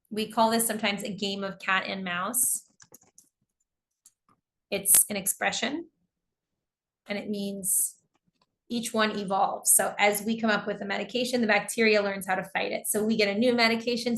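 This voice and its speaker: Gravelly-voiced American woman teaching a class. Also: mid-range voice, little pitch movement, moderate pace, fairly bright tone. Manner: explains patiently with examples, reads out students' answers. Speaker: English teacher. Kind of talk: online class lesson.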